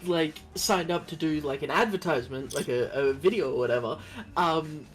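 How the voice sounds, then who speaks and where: A man's voice: on the high side, normal speed, faint music behind. A young man chatting casually on a game stream, rambling with many fillers. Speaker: co-player guest on a game stream. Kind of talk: casual gaming chat.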